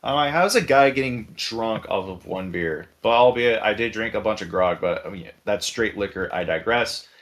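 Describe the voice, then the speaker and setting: A man telling a story in casual podcast chat, animated and profane, acting out the people he quotes. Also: on the low side, moderate pace, few pauses. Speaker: podcast host.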